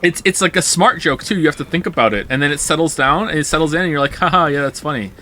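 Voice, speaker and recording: A young man streaming a game, chatting casually and rambling, swearing freely and jumping into high, indignant outbursts. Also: quick pace, pushed and bright, a little hiss or hum. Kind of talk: casual live-stream chat while gaming.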